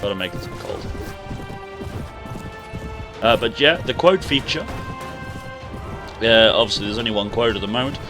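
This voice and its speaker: Hoarse low-voiced man streaming. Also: lively intonation, normal speed, pauses often. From England. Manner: chatty, rambling, talks to chat while playing. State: sore throat, losing his voice. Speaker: game streamer. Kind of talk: casual live-stream gaming commentary. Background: background music.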